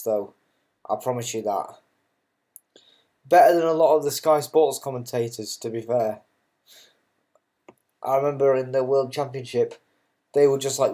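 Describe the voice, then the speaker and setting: Mellow-voiced man doing casual darts commentary. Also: medium pitch. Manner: swears freely, ranting asides; chatty and self-mocking.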